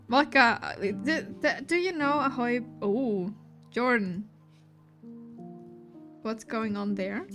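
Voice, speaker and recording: A woman with a German accent, chatting casually on her stream and reading chat aloud, giggly and full of restarts. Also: on the high side. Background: faint lofi music.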